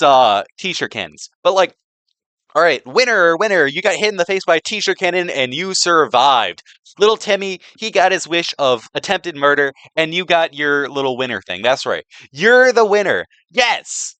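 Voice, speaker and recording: A man's voice: on the high side, expressive, moderate pace, bright, forceful tone, clean tone, no room sound. A young man giving a rambling, sarcastic slideshow presentation, packed with "like" and restarts. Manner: filler-heavy, sarcastic, restarts a lot.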